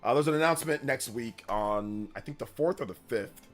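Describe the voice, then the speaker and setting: A man's voice: medium pitch, a little fast, soft background music. A man hosting a casual gaming livestream, telling rambling stories in slangy talk full of "bro" and "like". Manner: rambling storyteller, slangy, says "bro" and "like" often; grows loud and animated when telling a story. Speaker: gaming news streamer.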